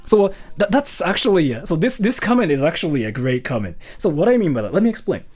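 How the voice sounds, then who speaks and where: A man streaming live and chatting casually with viewers, who talks quickly, fills his speech with "like" and "uh", and laughs often. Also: fairly high pitch, sing-song, darkish tone, husky, soft background music. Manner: fast-talking, heavy on fillers like "like" and "uh"; laughs often while talking. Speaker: streamer answering donations. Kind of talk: casual livestream chat.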